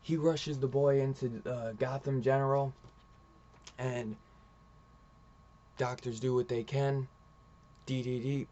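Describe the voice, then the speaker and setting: A man's voice: mid-range voice, steady tone, slow pace, pauses often, warm tone, lo-fi sound. A man casually reviewing a comic book, rambling through the story and retelling it with lots of "he's like" quotes.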